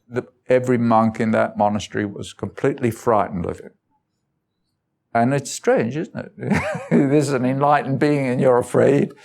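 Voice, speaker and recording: A man's voice: medium pitch, gravelly, darkish tone. A man giving an informal talk, telling personal stories in loose, conversational phrasing and chuckling often. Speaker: guest speaker.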